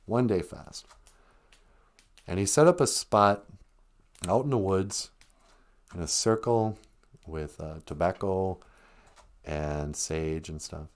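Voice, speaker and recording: A man's voice: low-pitched, darkish tone. A man, a comedian, telling a personal story on a live stream in a chatty way, laughing often, quoting people and getting choked up. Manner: quotes people in short voiced bits.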